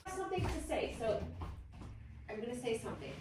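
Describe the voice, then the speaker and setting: A woman co-hosting a casual chat, playful and quick to laugh. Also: on the high side, sing-song, echoey room, recorded from a distance, noisy background. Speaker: podcast co-host.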